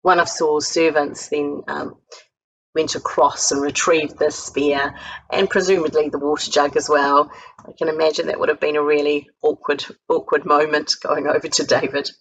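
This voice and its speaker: A woman with a New Zealand accent giving a sermon as a guest speaker, retelling a Bible story in a lively way and acting out the quoted lines with a raised voice. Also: low voice, moderate pace, a little hiss or hum, poor audio. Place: home recording for an online church service.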